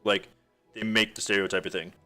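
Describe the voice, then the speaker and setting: A man's voice: on the low side, little pitch movement, fairly quick, sharp tone, faint music behind. A man with a Western Canadian accent chatting casually to stream viewers, rambling with lots of fillers and frequent chuckles. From Alberta, Canada.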